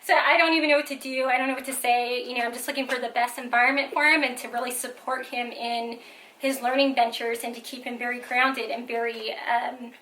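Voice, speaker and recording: A woman's voice: on the high side, fairly even intonation, brisk, pushed and bright, a little hiss or hum, poor audio. A woman telling stories in a casual vlog, chatty and full of "like" and "you know". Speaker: parent vlogger.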